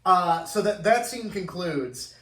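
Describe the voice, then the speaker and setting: A man with a fairly high voice chats loosely through a podcast recap and swears freely. His sentences wander through fillers and restarts. He sounds roomy and echoey, as if he is sitting back from the mic. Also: lively intonation, takes it slowly, fairly bright tone. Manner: rambling, lots of fillers and swearing. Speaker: podcast host. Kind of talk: casual podcast chat recapping a film. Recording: echoey room, far from mic.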